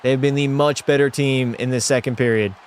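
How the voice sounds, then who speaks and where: A man's voice: mid-range voice, brisk, a little hiss or hum. A young man streaming a hockey video game, calling the plays and chatting with his viewers. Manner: excitable, chatty, answers chat, mock French-Canadian outbursts. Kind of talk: casual live-stream play-by-play commentary.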